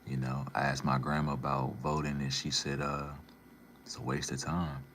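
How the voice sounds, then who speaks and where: A man's voice: very deep voice, little pitch movement, moderate pace, fairly bright tone, a little hiss or hum. A man casually reading and answering his live chat, laid-back and slangy, calling viewers man and bro.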